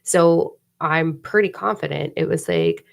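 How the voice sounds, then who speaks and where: A woman hosting a casual spiritual live stream, animated and swearing freely. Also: sits low, unhurried, creaky. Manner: animated, swears freely, mock voices and whispers for effect.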